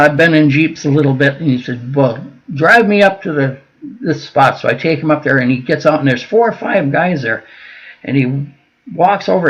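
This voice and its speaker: His voice runs on the high side, slightly bright and husky, and the recording has its highs cut off. The older Minnesota veteran, guesting on a casual interview, rambles through lengthy stories with plenty of fillers and restarts.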